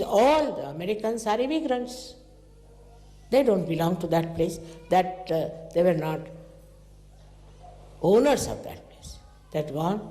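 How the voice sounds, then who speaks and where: A woman delivers a spiritual talk to her followers, shifting from low, confiding phrases to sudden high exclamations as she tells her stories. The recording comes from a large hall with a long, ringing echo around her voice. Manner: animated storytelling with sudden pitch jumps. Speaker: spiritual teacher.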